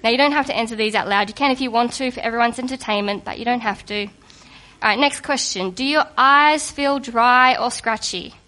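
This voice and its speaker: Woman, sermon, fairly high voice, chatty and playful, getting over a cold. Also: fairly quick. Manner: lively, conversational and humorous. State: recovering from a cold. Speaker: preacher.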